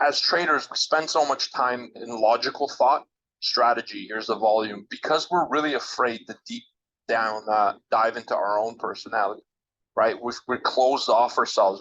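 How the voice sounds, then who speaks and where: A man's voice: mid-range voice, normal speed, a bit bright. An emphatic man speaks as a guest in an interview, coaching the audience directly in a mid-range voice. The recording sounds a bit dull and lo-fi. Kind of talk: motivational advice in a podcast interview.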